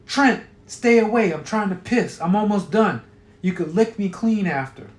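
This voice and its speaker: A man voicing a brash, crude young woman who talks loud and coarse. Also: a little high, normal speed, natural voice. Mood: yelling.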